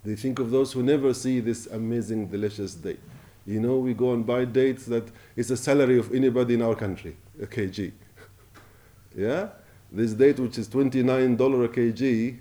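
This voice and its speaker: Impassioned preacher, man, mellow voice. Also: mid-range voice. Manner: impassioned, rising and falling, recites Arabic quickly. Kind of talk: Ramadan sermon.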